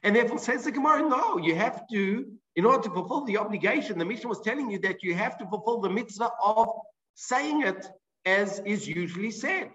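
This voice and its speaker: A man with a high voice gives an explanatory Talmud lesson. He reads out the Hebrew and Aramaic phrases and then works through what they mean in English. The recording is dull and lo-fi. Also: lively intonation, a little fast, bright, forceful tone. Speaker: Talmud teacher.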